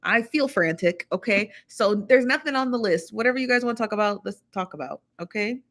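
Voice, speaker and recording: A woman's voice: medium pitch, expressive, fairly quick, a bit bright. A woman hosts a casual livestream, talking straight to her viewers. She chats loosely and greets each one in turn. Her voice sits in the middle of the range, picked up by a phone or webcam mic. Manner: chatty, greets viewers one by one, lots of laughs. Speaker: livestream host.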